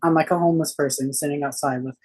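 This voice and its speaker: Male contestant, light self-mocking jokes, a bit high. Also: steady tone, quick pace, darkish tone, slightly rough.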